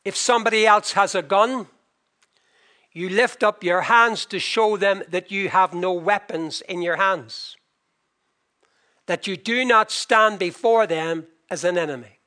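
An older man preaching a sermon with passion, slowing for emphasis and swinging between loud and soft. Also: sits high.

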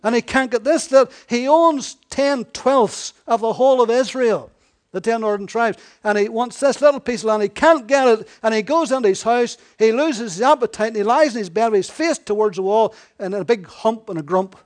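A man's voice: very high voice, normal speed. A man preaching a sermon in a conversational way, often correcting himself and voicing scripture as dialogue.

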